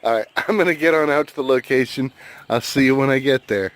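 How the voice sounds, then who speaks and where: American man, easygoing vlog host, average pitch, relaxed chatter outdoors. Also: fast. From United States. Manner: laid-back, chatty, laughs easily. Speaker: metal detecting vlogger. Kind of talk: casual vlog talk to camera. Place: outdoors at a hunting site and by his truck.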